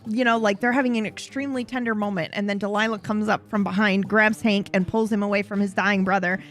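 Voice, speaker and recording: A woman casually recapping a roleplay story, rambling, swearing and correcting herself as she goes. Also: fairly high pitch. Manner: rambling, profane, self-correcting.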